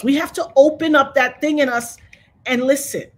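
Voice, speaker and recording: A woman in her fifties speaks at a normal pace in a high-sitting voice. She's an interview guest giving an emotional testimony, telling her story with the fervent conviction of a preacher.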